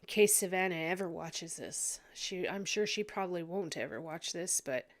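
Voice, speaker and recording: A woman giving a psychic reading in a vlog, hesitant and full of pauses, tearful and sniffly. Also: on the low side. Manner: hesitant, many ums and restarts. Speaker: psychic reader. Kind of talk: emotional psychic commentary vlog.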